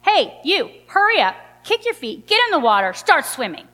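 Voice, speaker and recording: A woman's voice: high voice, expressive, slow, sharp tone, in a large hall, heavily acted. A woman quoting a curt, impatient male snorkel guide giving orders. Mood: brusque.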